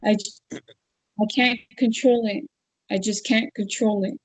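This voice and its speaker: A woman voicing her brother's spirit under hypnosis, answering in short, flat, defeated phrases. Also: mid-range voice, a little slow, slightly rough, no room sound, rough recording. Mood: despairing. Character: grieving adult brother spirit, despairing.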